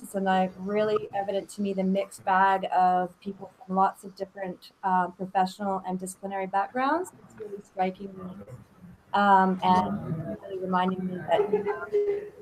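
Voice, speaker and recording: A woman researcher introduces herself in a friendly, thoughtful way. Her voice sits in an ordinary pitch range, and clear background noise runs under it. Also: normal speed, poor audio. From Canada. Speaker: university researcher. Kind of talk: casual self-introduction.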